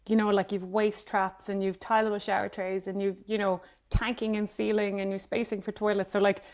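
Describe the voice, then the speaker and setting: A woman's voice: medium pitch, little pitch movement, brisk, darkish tone. A woman co-hosting a podcast, giving practical advice in casual chat. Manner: practical, explains in detail. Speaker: podcast co-host.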